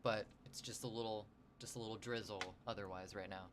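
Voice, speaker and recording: A man's voice: on the low side, fairly even intonation, brisk, noisy background. A man streaming his drawing session, rambling and joking with his chat. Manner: rambling, jokey, talks to chat. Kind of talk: casual livestream chat while sketching.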